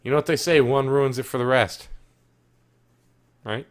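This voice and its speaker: A man co-hosting a casual gaming podcast, swearing a lot and swinging between loud outbursts and low muttering. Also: moderate pace, a little hiss or hum. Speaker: podcast co-host. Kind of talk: casual chat.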